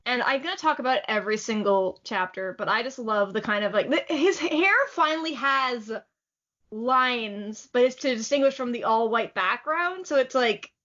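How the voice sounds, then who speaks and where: Animated and fairly bright, a woman with a fairly high pitch recaps a manga chapter while co-hosting a podcast. She keeps it chatty and excited, with lots of "like" and quick bursts of laughter, recorded in slightly muffled lo-fi quality.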